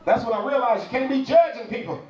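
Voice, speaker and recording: A man performing stand-up comedy at a church event, telling his jokes in an animated, playful way. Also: very high-pitched, fast, a little hiss or hum. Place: church event stage before a live audience. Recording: roomy, distant sound with audience laughter.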